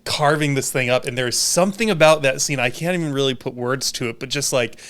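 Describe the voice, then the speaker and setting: A man guesting on a podcast, swapping stories in casual chat. He tells them in an animated way, swears freely and laughs often. His voice sits at an ordinary middle pitch. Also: brisk. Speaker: musician guest.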